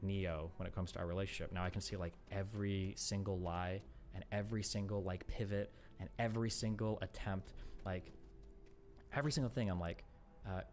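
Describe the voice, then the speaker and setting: A man on a stream talking casually, retelling an argument in an aggrieved, filler-heavy way. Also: low-pitched.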